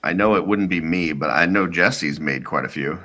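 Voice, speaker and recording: A man's voice: sits low, normal speed, sharp tone. A man guest on a group call, making dry, short remarks. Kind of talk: casual group chat on a call.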